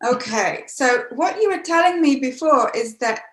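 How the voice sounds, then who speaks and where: A woman's voice: high-pitched, expressive, normal speed, reverberant. A woman hosting an interview, asking questions with brief acknowledgements. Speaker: podcast host. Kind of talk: casual interview.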